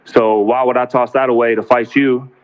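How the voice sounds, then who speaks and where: A boxer speaking calmly and pointedly at a press conference, making cutting remarks about his opponent. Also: mid-range voice. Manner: calm, measured, cutting. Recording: dull lo-fi broadcast audio.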